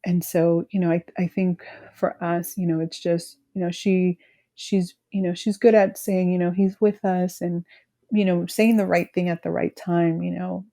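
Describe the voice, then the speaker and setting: A woman in her thirties from California, speaking haltingly about her grief as a guest, full of "you know" fillers. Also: on the low side, flat delivery, mellow. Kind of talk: emotional personal conversation.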